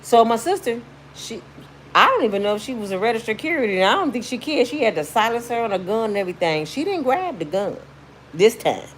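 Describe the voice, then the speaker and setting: A woman vlogger with a fairly high voice races through a story, with a little hiss or hum on the recording. Her casual commentary is slangy, blunt, emphatic and animated, and she shrieks out the quotes as she acts them out.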